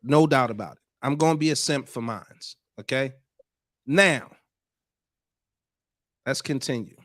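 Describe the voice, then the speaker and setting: A man's voice: medium pitch, unhurried, no room sound, clean studio sound. Emphatic man hosting a podcast. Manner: animated, emphatic, repeats for effect. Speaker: podcast host. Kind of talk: podcast commentary.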